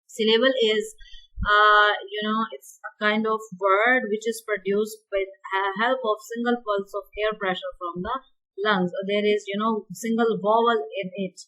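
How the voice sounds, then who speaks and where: A woman giving a university lecture, explaining slowly and repeating key words and examples. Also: mid-range voice, fairly even intonation, pushed and bright, low-quality recording.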